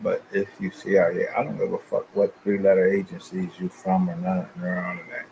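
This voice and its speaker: A man's voice: sits low, fairly quick, creaky, dark tone, a little hiss or hum, low-quality recording. A man hosting his channel, talking loosely and profanely in a confrontational rant to his viewers. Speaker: channel host.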